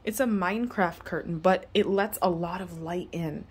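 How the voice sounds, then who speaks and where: Chatty excitable woman vlogging at home. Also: on the low side, normal speed, husky. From Florida, USA. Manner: chatty, excitable, talks straight to the viewer. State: out of breath. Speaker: vlogger and small business owner. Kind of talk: casual vlog talking to camera. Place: at home, indoors.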